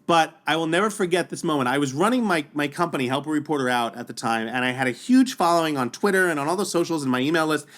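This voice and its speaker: Fast-talking, animated male podcast guest. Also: a little high. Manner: animated, quick, with repeated restarts. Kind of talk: casual storytelling.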